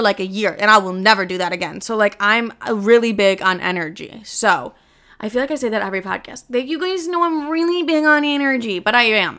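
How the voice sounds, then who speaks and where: Bright, candid woman podcaster. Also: on the high side. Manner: candid, profane, animated, acts out her own quoted lines. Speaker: podcast host. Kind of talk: casual podcast monologue.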